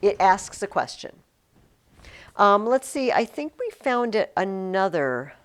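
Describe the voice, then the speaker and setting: A woman's voice: mid-range voice, big pitch swings, slow, clean tone. Chatty woman teaching a Latin class. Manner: chatty, emphatic, many fillers and restarts. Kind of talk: classroom lesson.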